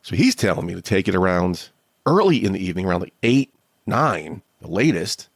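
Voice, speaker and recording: A man's voice: sits low, sing-song, fairly quick, vocal fry, dry recording, clean studio sound. A man hosting his own podcast, talking candidly and a bit ramblingly in a casual solo monologue. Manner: candid, rambling, self-deprecating. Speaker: podcast host.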